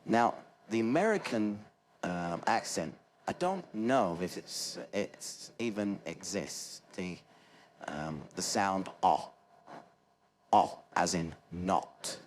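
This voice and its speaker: A British man with an accent close to Cockney, teaching pronunciation with slow spoken examples. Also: low-pitched, expressive, slight background noise. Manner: slow explanations with spoken demonstrations. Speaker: accent coach. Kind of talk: accent lesson.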